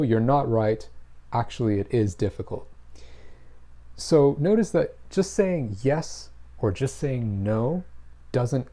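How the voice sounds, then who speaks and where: A man's voice: medium pitch, warm tone. A man teaching an English grammar lesson, explaining patiently and stressing his example phrases. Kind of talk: scripted lesson to camera.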